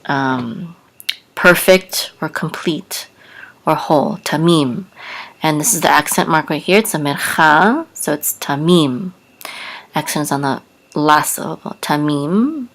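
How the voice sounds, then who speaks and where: A woman's voice: sits low, a little slow, fairly bright tone. A woman teaching a language lesson, patiently spelling out sounds letter by letter. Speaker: Hebrew teacher. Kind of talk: slow spoken lesson.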